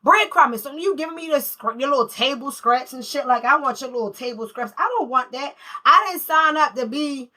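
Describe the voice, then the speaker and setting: A woman doing a casual tarot reading while fighting a cold, blunt and profane, telling stories in a lively, streetwise way. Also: high-pitched, fairly quick, hardly any pauses. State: has a cold. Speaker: tarot reader.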